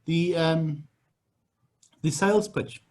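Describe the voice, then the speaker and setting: A man's voice: on the high side, slow. A man running a sales training on a video call, blunt and repetitive. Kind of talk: online training session.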